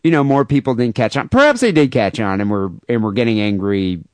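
Male podcast co-host, mid-pitched, animated and irreverent, dry sound. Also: brisk, no room sound. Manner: animated, irreverent, often restarts. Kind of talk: casual chat. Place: home studio in LA.

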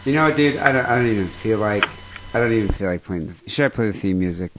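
A man's voice: on the low side, animated, fast, background noise. A man in his thirties co-hosting a podcast, joking crudely and laughing often in casual chat. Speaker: podcast co-host.

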